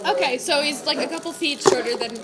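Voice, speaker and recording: A woman's voice: high-pitched, quick pace. A woman playing a tabletop game, chatty and asking questions. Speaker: player. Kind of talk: casual tabletop game play. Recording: noisy room with loud crowd.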